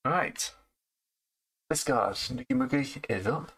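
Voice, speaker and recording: A man's voice: medium pitch, lively intonation, takes it slowly, fairly bright tone, slightly rough, rough recording. A man running a tabletop game over voice chat, narrating rolls and turns in a matter-of-fact way. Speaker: game master.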